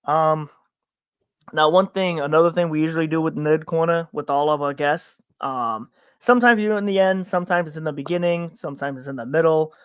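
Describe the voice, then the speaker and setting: A man's voice: on the high side, brisk, clear, resonant tone, no echo. A man from upstate New York hosting a podcast in casual chat, rambling with many restarts and stammered repeats. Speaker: podcast host.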